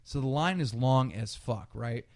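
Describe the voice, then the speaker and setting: In an unhurried, mid-range voice, a man co-hosting a podcast tells a story. His delivery is animated, casual, and profane, and he acts out other people's quotes.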